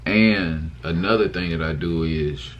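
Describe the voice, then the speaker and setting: Deep-voiced young man, casual vlog. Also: measured pace, lo-fi sound. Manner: relaxed, loose and rambling, many fillers and restarts. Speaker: vlogger. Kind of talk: casual mukbang chat to camera.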